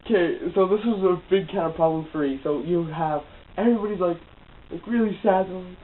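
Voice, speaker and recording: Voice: medium pitch, fairly quick. Rambling reviewer with a cold, tinny audio. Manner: rambling, heavy on fillers and restarts. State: has a cold. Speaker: movie reviewer. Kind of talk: casual rambling movie review. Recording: tinny phone-like audio with faint hiss.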